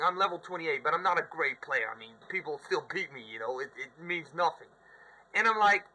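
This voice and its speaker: Slightly hoarse man rambling about games. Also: sits high, poor audio. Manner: rambling and candid, with mock shouted outbursts. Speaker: gaming vlogger. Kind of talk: casual gaming vlog. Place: room at home, sitting on a couch.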